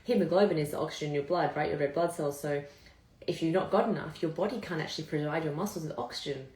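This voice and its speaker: In an echoey room, a woman in her thirties talks openly to viewers during a live vlog, casually recounting her story and cursing freely. She has a low-pitched, darkish voice and speaks at a quick pace.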